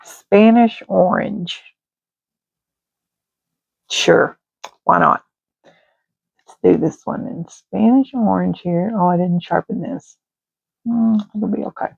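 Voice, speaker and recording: Slow gravelly woman, tinny. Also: medium pitch, no room sound. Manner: rambling, chatty, drifting into murmurs. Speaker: art channel host. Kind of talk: casual chat while coloring. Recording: tinny phone-like dry sound.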